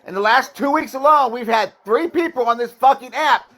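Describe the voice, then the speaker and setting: A man's voice: very high-pitched, normal speed, fairly bright tone. A man hosting a live stream, arguing heatedly and swearing as he repeats his point. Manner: angry, profane, repeats his point emphatically. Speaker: livestream host.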